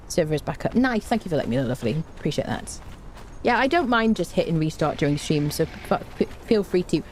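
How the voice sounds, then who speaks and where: A woman's voice: low voice, sing-song, fast talker, a little hiss or hum. A woman live-streaming a game, chatting casually with her viewers and humming to herself between remarks. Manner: chatty, hums tunelessly between remarks, reads and answers chat. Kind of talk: casual live-stream chat while playing.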